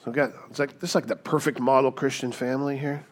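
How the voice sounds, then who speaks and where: Here a pastor moves fast, his mid-range voice carrying a lively, conversational sermon. He acts out those he quotes and often tosses in "right?"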